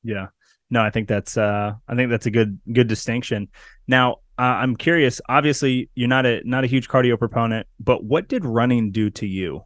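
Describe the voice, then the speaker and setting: A man hosts a podcast interview in a relaxed, conversational way, often rephrasing as he asks follow-ups. His voice sits in a middle range and is recorded close and dry. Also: medium pitch, moderate pace, no echo. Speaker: podcast host.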